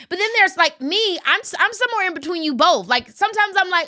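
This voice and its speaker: A woman in her thirties hosting a chat podcast, expressive and slangy. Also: extremely high pitch. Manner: expressive, slangy, quick to laugh. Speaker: podcast host. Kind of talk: casual chat.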